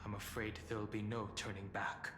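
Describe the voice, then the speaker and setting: Man as a serious, steady game companion; reverberant, soft score beneath. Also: on the low side, close to an everyday voice. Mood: grave. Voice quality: measured, serious. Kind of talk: game voice acting. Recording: reverberant game audio with music.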